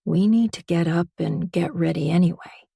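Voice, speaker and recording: A woman voicing a protective husband gently calming his wife in an audiobook. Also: fairly low pitch, normal speed, creaky, husky, dry recording, clean studio sound. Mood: soothing. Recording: distant mic.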